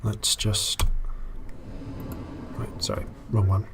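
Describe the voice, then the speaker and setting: A man's voice: fairly low pitch, little pitch movement, slow pace, vocal fry, background noise. A man hosting a let's play, thinking aloud in casual commentary with wry asides and frequent fillers.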